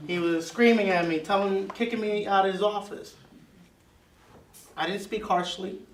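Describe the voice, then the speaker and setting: High-voiced man teaching a Bible class. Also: a bit bright, reverberant, recorded from a distance, slight background noise, rough recording. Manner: emphatic, repeats key words.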